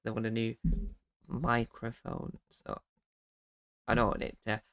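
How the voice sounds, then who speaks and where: A man's voice: medium pitch, monotone, unhurried, fairly bright tone, dry recording. A man hosting his own podcast, recapping an episode in a casual, rambling way and often correcting himself mid-sentence. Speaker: podcast host.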